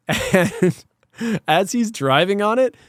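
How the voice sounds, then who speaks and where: A man co-hosting a casual, unscripted podcast, with a voice that sits a little on the high side. He tells the story in an animated way, laughing often and swearing freely. The sound is dry and close. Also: slow, smooth, dry recording. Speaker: podcast co-host.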